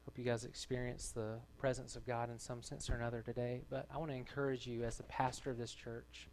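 A man's voice: mid-range voice, little pitch movement, a little fast, darkish tone, slight background noise. A man, a pastor, delivering a sermon to his church in an earnest, conversational way. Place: church gathering.

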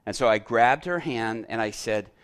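A man's voice: mid-range voice, moderate pace, smooth. A man preaching a sermon, telling a story and acting out the dialogue of the people in it. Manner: animated storyteller, acts out quoted dialogue.

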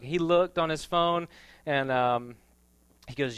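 Smooth, dry-voiced male preacher. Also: mid-range voice, steady tone, normal speed, no echo. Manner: conversational storytelling, swells loud when he preaches. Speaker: pastor. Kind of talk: sermon.

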